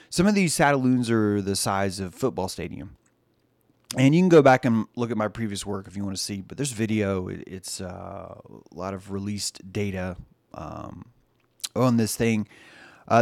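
A man's voice: lowish voice, dry recording. A man hosting a video, rambling jokily through a comedic commentary, stumbling and searching for words. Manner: rambling, jokey, full of restarts and word hunts. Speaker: video host.

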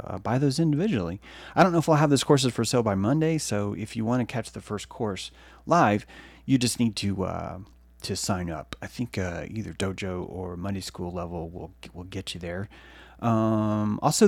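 A man's voice: on the low side, creaky, darkish tone, no room sound. A male podcast host giving a rambling, profane solo monologue.

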